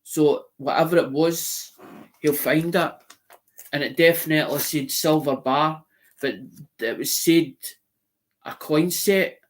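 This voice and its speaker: A man's voice: a little high, slow pace, pauses often, a little hiss or hum. A man with a Scottish accent, chatting casually and rambling as the host of an online auction channel, restarting and repeating himself.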